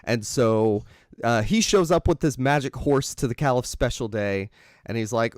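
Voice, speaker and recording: A man's voice: lowish voice, normal speed, clean tone, no room sound, studio quality. A man co-hosting a casual film chat, meandering and thinking aloud as he retells a story. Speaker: podcast co-host. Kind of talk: casual chat about films.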